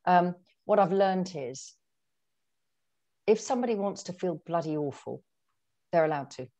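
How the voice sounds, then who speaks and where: A middle-aged woman, an author, telling personal stories in a chatty, animated way with lots of fillers and restarts. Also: fairly low pitch, unhurried, dull audio. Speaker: guest author. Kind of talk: conversational storytelling.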